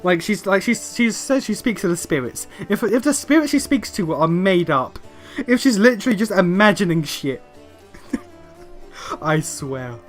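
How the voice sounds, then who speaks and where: A man's voice: high-pitched, animated, unhurried, faint music behind. A man streaming a role-playing game, chatting casually with profane, joking asides to himself. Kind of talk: casual gameplay commentary.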